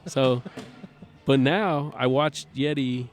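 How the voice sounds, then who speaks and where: A man's voice: mid-range voice, slow. A man, a guest on a talk show, chatting casually and animatedly, acting out bits of dialogue as he tells a story. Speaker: podcast guest, cornhole player.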